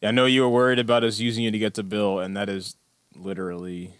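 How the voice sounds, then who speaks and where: A young man in his twenties hosts a casual group podcast with a lowish voice. He talks loosely and mocks himself, often dropping into quiet asides. The sound is dry and close, with no room around it. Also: flat delivery, quick pace, clear, resonant tone, dry recording. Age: 20s. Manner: loose, self-mocking, trails off into quiet asides. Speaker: podcast host.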